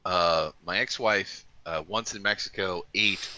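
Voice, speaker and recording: A man's voice: sits low, measured pace, sharp tone, low-quality recording. A middle-aged man joking crudely and mocking himself in casual podcast chat. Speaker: podcast co-host.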